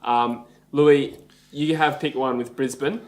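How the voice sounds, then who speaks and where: A man's voice: mid-range voice, fairly even intonation, slow, a little mellow. A young Australian man hosting a casual sports podcast, steering the talk with loose fillers. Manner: runs the segment, loose with fillers. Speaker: podcast host. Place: room, on camera.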